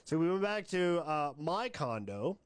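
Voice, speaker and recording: Male streamer, high voice, dry close mic, rambling deadpan delivery. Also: measured pace, clean tone, no echo. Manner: rambling, deadpan, full of restarts and fillers. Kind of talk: casual storytelling on a livestream.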